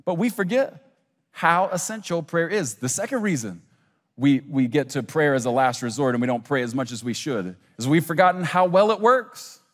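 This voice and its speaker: A man's voice: on the high side, expressive, normal speed, big-room sound. A man preaching a sermon as a pastor, acting out imagined listeners and little scenes as he goes.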